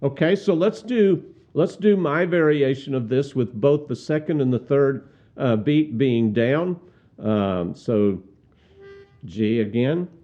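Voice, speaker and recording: A man teaching how to lead a cappella hymn singing, speaking deliberately, repeating words and singing hymn lines as examples. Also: mid-range voice, expressive, dark tone, soft background music. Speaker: song leading instructor. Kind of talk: instructional demonstration with sung examples. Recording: slightly dull, muffled sound.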